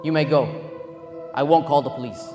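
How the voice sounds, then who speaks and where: A man voicing a calm, forgiving male shopkeeper who speaks in a measured way. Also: on the high side, close to an everyday voice. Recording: long hall reverb, faint music.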